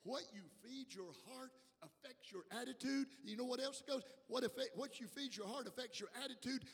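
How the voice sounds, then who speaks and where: A male bishop preaching a sermon in a church, swinging from quiet asides to shouted calls to the congregation. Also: very high voice, fairly quick, creaky, slightly rough, big-room sound. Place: church sanctuary.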